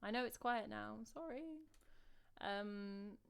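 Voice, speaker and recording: Woman, 30s, English accent with dropped T's, casual livestream chat, mid pitch. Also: takes it slowly, creaky, clean tone. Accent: English, drops T's. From England. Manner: chatty, self-mocking, rambling asides. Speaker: streamer and singer-songwriter.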